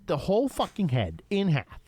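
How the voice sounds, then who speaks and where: A young man co-hosting a podcast, casually reviewing a horror film with an excitable, profane manner. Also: sits high, moderate pace, breathy edge. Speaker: podcast co-host.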